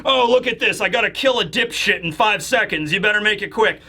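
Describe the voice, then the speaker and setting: A man voicing a boastful male pirate captain who talks loudly and swaggers. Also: high-pitched, lively intonation, brisk, heavily acted. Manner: loud, swaggering, shouting.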